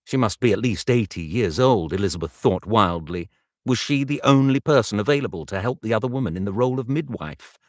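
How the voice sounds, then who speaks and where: A man narrating an audiobook, reading slowly and carefully and stopping now and then to retake a line. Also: lowish voice, expressive, no echo, studio quality. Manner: slow, measured reading with retakes. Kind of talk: audiobook narration recorded live.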